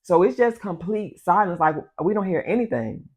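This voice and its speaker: A woman vlogger telling a personal story in a casual, animated way, talking straight to her viewers. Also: lowish voice, moderate pace, slightly rough. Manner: animated, addresses the audience as y'all.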